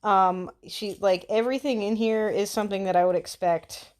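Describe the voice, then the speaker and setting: A woman's voice: mid-range voice, fairly even intonation, moderate pace, darkish tone. An American woman doing casual commentary, blunt, mocking and full of swearing. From United States. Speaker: commentary vlogger.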